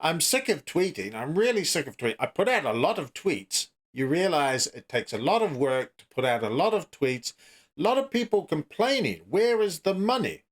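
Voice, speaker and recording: A man's voice: on the high side, normal speed. A man playing an evasive, broke crypto founder. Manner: evasive, meandering, deadpan.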